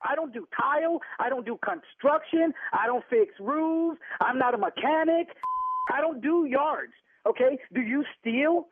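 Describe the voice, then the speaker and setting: A man's voice: very high-pitched, expressive, measured pace, no room sound. A man on a phone call, firing back angry, indignant retorts as the target of a prank. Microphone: telephone. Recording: tinny phone line.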